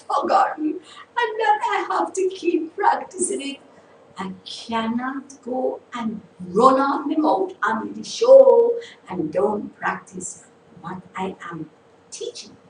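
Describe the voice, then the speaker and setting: A woman who hosts a faith talk show, preaching with slow emphasis and rising repeated lines. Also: sits high, reverberant, recorded from a distance, a little hiss or hum, low-quality recording.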